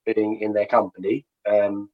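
Low-key hesitant man, muffled sound. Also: flat delivery, unhurried. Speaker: podcast co-host. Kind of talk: casual chat.

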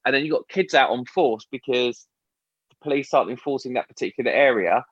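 A man's voice: medium pitch, fairly quick, husky, no room sound, highs cut off. A middle-aged man in casual podcast chat, telling stories with swearing and laughter. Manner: lively, swearing, laughing storyteller. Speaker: podcast co-host.

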